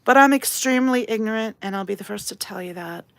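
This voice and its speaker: A woman's voice: mid-range voice, quick pace, vocal fry, fairly bright tone, no echo. A woman hosting a casual live stream while painting, chatty and self-deprecating, reading chat aloud. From outside England. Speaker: livestream host.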